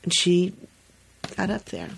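Lively woman telling a story on a podcast. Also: fairly low pitch, slow pace, gravelly, breathy edge. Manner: lively storyteller, acts out quotes, laughs often. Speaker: podcast host. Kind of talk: casual chat.

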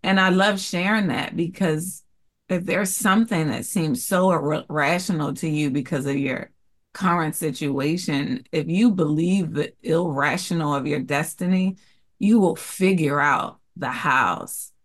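A woman's voice: low-pitched, unhurried. Earnest storytelling woman. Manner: earnest and expressive, acting out quoted voices. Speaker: podcast guest, jewelry entrepreneur. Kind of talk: candid interview storytelling.

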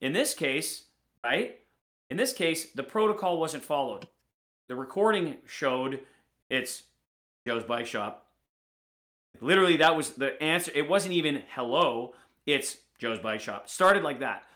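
A man's voice: a little high, moderate pace. A middle-aged man hosting a sales podcast, telling stories with lots of restarts and acting out the people he quotes. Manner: animated storyteller, acts out quoted voices, many restarts. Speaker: podcast host. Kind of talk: casual sales podcast storytelling.

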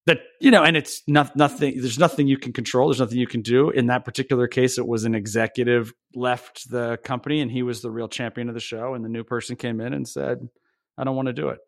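A man's voice: medium pitch, fairly even intonation, fast talker, vocal fry, dry recording, clean studio sound. A man, a TV show creator, talking earnestly and emotionally as a podcast guest, often restarting his sentences. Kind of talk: conversational podcast interview.

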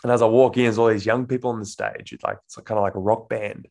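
Gravelly, low-voiced young Australian man. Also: quick pace. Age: 20s. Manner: relaxed, acts out quoted voices, frequent fillers. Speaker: guest, actor. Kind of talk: casual storytelling interview.

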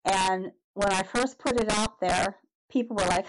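Brief: middle-aged woman guest, mid-range voice, animated storytelling full of restarts, noisy recording. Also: medium pitch. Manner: animated, halting with restarts and acted-out reactions. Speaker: podcast guest. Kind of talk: personal storytelling. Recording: noticeable background noise.

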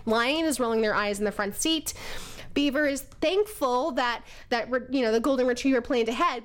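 A woman explaining personality types through a lively, animated story. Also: high-pitched. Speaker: presenter.

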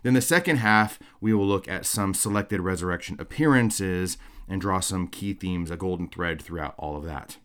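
A man's voice: sits low, moderate pace, a bit bright, smooth. A man giving a recorded theology lecture in a conversational way, often checking in with "okay?" and "right?". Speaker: course lecturer.

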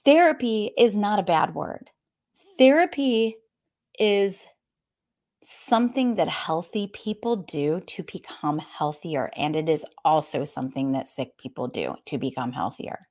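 A woman's voice: low voice, unhurried. A woman who is a group fitness instructor, giving a candid, conversational motivational talk and speaking straight to her listeners. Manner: warm, candid, addresses listeners directly as y'all; laughs between points, conversational.

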